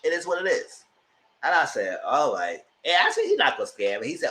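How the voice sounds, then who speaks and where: Animated man recapping a reality show. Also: fast talker, rough recording. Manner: animated, jumps to high-pitched exclamations when acting out reactions. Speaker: YouTube reviewer. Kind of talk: casual recap commentary.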